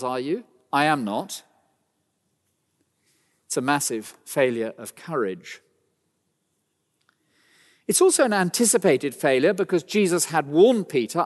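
A man preaching a sermon, emphatic and rhetorical, with dramatic pauses. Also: mid-range voice. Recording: long hall reverb.

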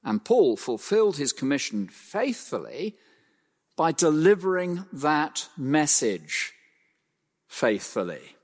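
Male preacher in a reverberant hall. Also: big pitch swings. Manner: emphatic, with slow stressed phrases and wide pitch swings. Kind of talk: expository sermon.

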